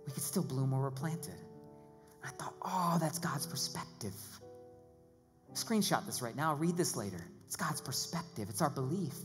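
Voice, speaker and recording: A man preaches in a large church hall, and his voice carries a long reverb. Music plays clearly beneath him as he swings between loud, excited preaching and hushed prayer. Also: medium pitch, normal speed. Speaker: pastor. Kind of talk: sermon. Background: music playing.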